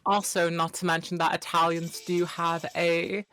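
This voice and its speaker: Man, high voice, bright tone, live game commentary, analytical, bantering. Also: flat delivery, normal speed, faint music behind. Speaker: co-caster.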